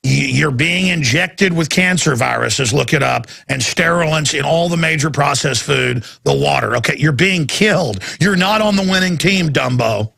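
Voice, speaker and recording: Gravelly, ranting male radio host. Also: a little high, lively intonation, moderate pace, few pauses, bright, forceful tone. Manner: ranting, emphatic, repetitive. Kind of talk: heated talk radio monologue.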